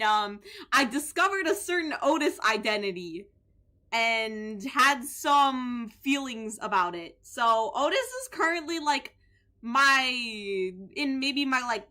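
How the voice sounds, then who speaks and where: A young woman streamer giving playful, goofy commentary on a game, animated and jokey with bursts of shouting. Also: a little high. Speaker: gaming streamer.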